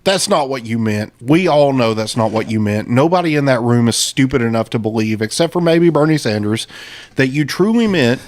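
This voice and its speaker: A man's voice: medium pitch, lively intonation, normal speed. A man co-hosting a casual political livestream, talking in a brash, profane, joking way. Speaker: podcast co-host.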